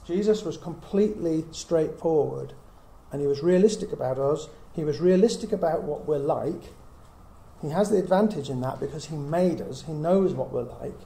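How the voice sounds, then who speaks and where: With a fairly high, gravelly yet mellow voice, a middle-aged man gives an earnest Bible teaching at normal speed to a small group. He reasons aloud and asks many rhetorical questions. Faint hiss and room echo are audible.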